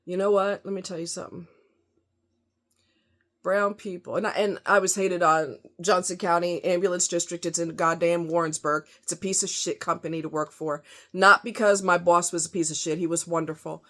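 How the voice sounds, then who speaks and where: A woman's voice: on the low side, steady tone, moderate pace, fairly bright tone. A woman ranting angrily to camera, cursing heavily with heated, emphatic delivery. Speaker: vlogger. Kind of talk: angry rant to camera.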